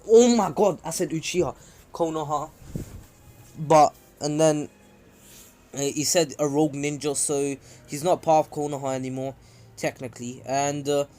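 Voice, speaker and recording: A young man casually telling a fan-fiction story, rambling with frequent self-corrections and throat clearing. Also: a little high, a little mellow, slight background noise.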